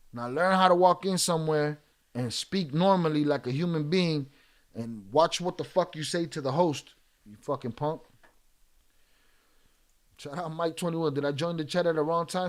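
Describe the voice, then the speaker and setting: A man, streaming and heatedly berating a viewer in chat, swearing hard. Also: a little high. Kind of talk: angry livestream rant.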